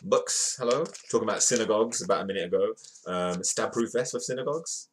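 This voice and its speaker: Man, casual livestream host, reads headlines, jokey asides, greets chat, low-pitched. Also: quick pace, slight background noise. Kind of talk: casual news read-through with jokey asides.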